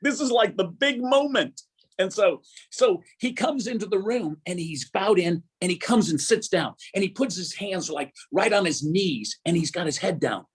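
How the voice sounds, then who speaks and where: A man telling lively faith stories in a casual talk, with an excitable manner, acting out the voices he quotes. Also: sits high, normal speed, few pauses, breathy edge. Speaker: guest speaker.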